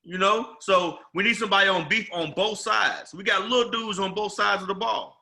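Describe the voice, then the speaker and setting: A man's voice: sits high, steady tone, normal speed, gravelly, sharp tone. A man hosting a casual sports talk show, ranting in an emphatic, rambling way. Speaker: podcast host.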